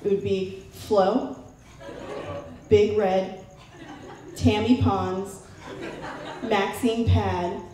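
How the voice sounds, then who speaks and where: In a mid-range, mellow voice with a steady tone, drawn-out words, and long pauses, a young Southern Californian comedian plays around on stage, doing her family members' voices. The live show takes place in a large room, recorded with strong echo and faint background noise.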